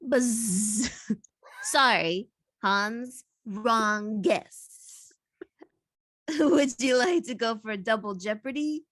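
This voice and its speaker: Lady reading smart-mouthed cop guy, playful, slow and dry. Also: fairly high pitch, fairly bright tone, no echo. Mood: cocky. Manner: reads playfully, laughing between lines. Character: wisecracking male cop hero, cocky.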